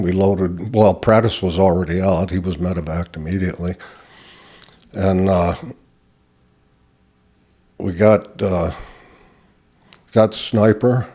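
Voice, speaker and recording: An older man recounting his military past as a podcast guest, in halting speech full of pauses and fillers. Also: low voice, mellow. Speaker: guest, Vietnam veteran. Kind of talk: reflective storytelling.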